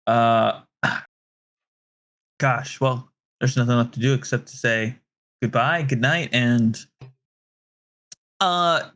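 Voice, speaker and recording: A man's voice: medium pitch, fairly even intonation, slow, long pauses, a bit bright. A man co-hosting a podcast in casual chat, teasing and playful. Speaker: podcast co-host.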